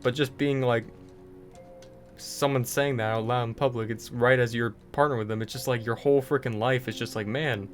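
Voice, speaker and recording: A man's voice: mid-range voice, steady tone, moderate pace, soft background music. A young man ranting casually over gameplay, full of fillers and restarts. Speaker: gaming video creator.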